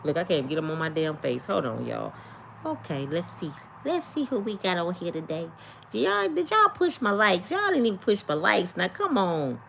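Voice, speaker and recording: An older woman, hosting a casual livestream and talking to her viewers with animated, preachy energy. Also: fairly low pitch, moderate pace, creaky, a little hiss or hum. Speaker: livestream host.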